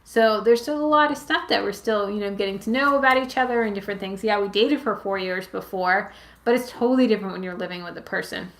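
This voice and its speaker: A woman's voice: medium pitch, fast talker. A woman in her late twenties from Massachusetts, hosting a casual live Q&A from home and rambling through viewer questions with plenty of "like" and "um". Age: 20s. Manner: rambling, with many "like" and "um" fillers. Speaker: channel host answering viewer questions. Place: at home with her pets nearby. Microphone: webcam or phone on a livestream. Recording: echoey room.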